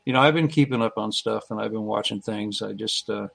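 A man rambling warmly with many fillers in a casual online roundtable chat. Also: lowish voice, a little fast, vocal fry, slightly rough, no echo.

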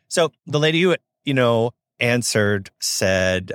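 A man's voice: mid-range voice, animated, fairly quick, few pauses, fairly bright tone, no room sound, studio quality. A young man from Southern California, a podcast host telling a story in a chatty, upbeat way with lots of fillers. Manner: chatty and upbeat, many fillers, acts out quoted voices. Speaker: podcast host, notary signing agent.

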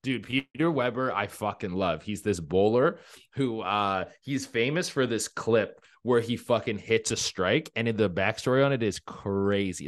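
A young man hosting a podcast, chatting casually, swearing often and acting out voices in his stories. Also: fairly low pitch. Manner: animated, swears a lot, acts out voices in stories.

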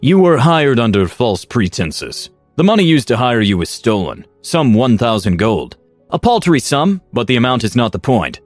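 A man's voice: medium pitch, very animated, moderate pace, no echo, faint music behind, lightly acted. A man voicing a stern, wealthy older father and shrewd businessman who speaks in a cold, commanding way.

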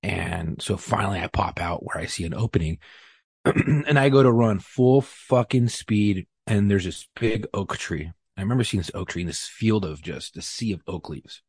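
Low husky man telling a story. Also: normal speed, no room sound. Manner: profane, animated retelling with acted-out quotes. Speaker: podcast guest. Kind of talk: casual storytelling.

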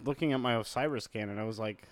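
A man's voice: on the low side, fast, no echo. A young man co-hosting a casual podcast, joking and trailing off into mumbles. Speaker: podcast co-host.

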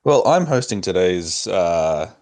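A man's voice: low-pitched, sing-song, takes it slowly, darkish tone. A young man hosting a podcast, speaking in a hesitant casual chat with lots of fillers. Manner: hesitant, many fillers and restarts. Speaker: podcast host.

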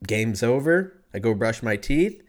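A man's voice: medium pitch, animated, unhurried. Profane laid-back man in his thirties. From California. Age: 30s. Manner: rambling, profane, laid-back, self-mocking. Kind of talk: casual storytelling monologue.

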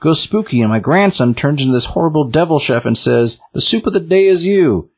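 A man voicing a flustered elderly woman client, in a high fluttery falsetto while retelling a comic. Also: lively intonation, fairly quick, breathy edge. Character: flustered old woman client, fussy grandma.

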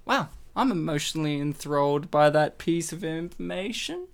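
This host talks in a relaxed, mid-pitched voice during a casual movie watch-along. The delivery is teasing and sarcastic, with lots of laughter breaking through the jokes. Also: normal speed, gravelly. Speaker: podcast host. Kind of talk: casual movie commentary chat.

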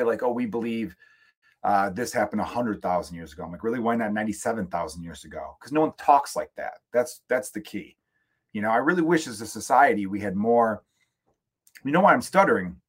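A man from the United States riffs through a solo podcast rant, cursing freely and wandering off on jokes. His voice sits fairly low with a husky, slightly rough edge, recorded close on a studio microphone. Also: lively intonation, quick pace. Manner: profane, joking, rambling asides. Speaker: podcast host. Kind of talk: casual solo comedic rant.

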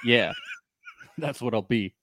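A podcast co-host with a medium-pitched, fairly bright voice and lively intonation takes it slowly in a casual recap chat, recorded cleanly in a studio with no echo. He jokes around and acts out quotes, stammering and restarting as he trips over his words.

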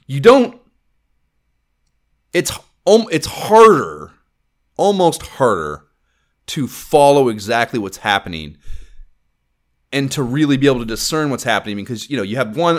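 A man rambles through a casual podcast chat about games. His pitch rises and falls a lot. He swears constantly and packs his talk with fillers. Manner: rambling, profane, filler-heavy. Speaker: podcast co-host.

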